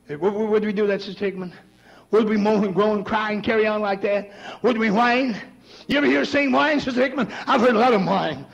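High, gravelly shouting preacher. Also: male voice, brisk, lo-fi sound. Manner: rhythmic, punctuated with "uh", shouting peaks. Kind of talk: chanted Pentecostal sermon. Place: church sanctuary. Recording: echoey church recording.

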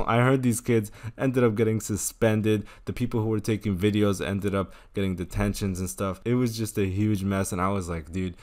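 A young man casually telling a storytime vlog over gameplay, laid-back, swearing and laughing as he goes. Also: fairly low pitch. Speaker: storytime vlogger.

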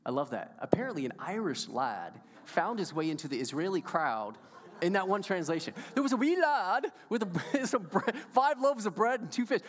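A male pastor preaching a sermon with a playful, enthusiastic manner and chatting with his congregation. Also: very high-pitched. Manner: enthusiastic, playful, audience interaction. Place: church sanctuary. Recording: long church hall reverb.

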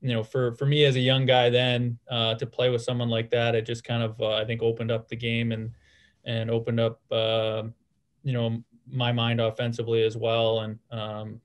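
A man in his thirties answering interview questions in a relaxed way, with many fillers and restarts. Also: mid-range voice, normal speed. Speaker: guest, former hockey player.

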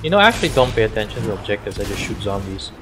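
A man making dry, deadpan jokes in casual talk while gaming with friends. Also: fairly low pitch, racing, music in the background. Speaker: game player.

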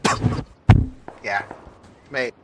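A man streaming games, brash, excitable and swearing a lot. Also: very slow, noisy background. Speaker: game streamer. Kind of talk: casual livestream chat.

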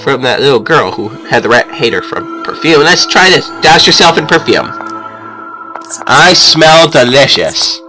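A man giving excitable let's-play commentary, talking to the characters and yelling in frustration at the controls. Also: medium pitch, brisk, hardly any pauses, rough recording. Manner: excitable, yells at the game. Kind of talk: game commentary. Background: game music.

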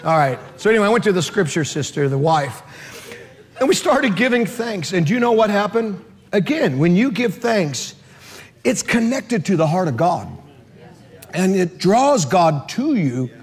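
Animated high-pitched preaching man. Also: normal speed, breathy edge. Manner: animated, shouting in bursts, acts out voices. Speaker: pastor. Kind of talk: lively sermon with comic storytelling.

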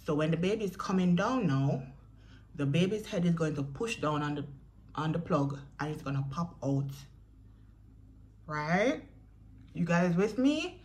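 A woman's voice: lowish voice, expressive, unhurried, pauses often, a little mellow. Jamaican woman telling a story to her viewers. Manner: chatty, addresses viewers directly, acts out quoted voices. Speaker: vlogger. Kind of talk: storytelling vlog.

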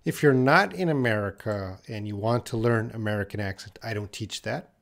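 A man's voice: on the low side, gravelly, a bit bright. A man teaching English in a live question-and-answer stream, reading viewer questions aloud and answering them patiently. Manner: slow, patient, reads viewer questions aloud then explains.

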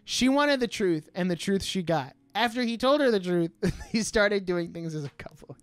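A woman's voice: medium pitch, lively intonation, normal speed, no echo. A woman co-hosting a podcast, casually summarizing and poking fun at her own old writing with frequent giggles. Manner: giggly, self-mocking. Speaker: podcast co-host and writer of the story. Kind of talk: casual banter.

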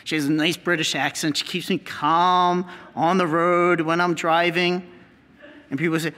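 American priest teaching, higher voice, earnest and repetitive, long hall echo. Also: male voice, flat delivery, normal speed, pushed and bright. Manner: earnest, repeats key phrases for emphasis. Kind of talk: teaching talk with slides.

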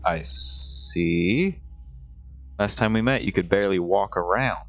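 A man voicing a gruff, reluctant older sibling in a game, grumbling as he agrees to take charge. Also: low voice, slow, fairly bright tone. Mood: grudging.

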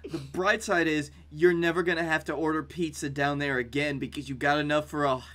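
A man's voice: fairly high pitch, fairly even intonation, a little fast, fairly bright tone. A man co-hosting a podcast, riffing and joking in casual chat. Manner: jokey, riffs on the other host's stories. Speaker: podcast co-host.

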